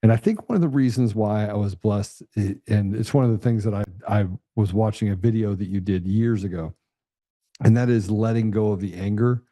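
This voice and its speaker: A man's voice: lowish voice, brisk, warm tone, no echo, studio quality. A middle-aged male host speaking earnestly in casual conversation, often stumbling and restarting his sentences. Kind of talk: casual interview chat.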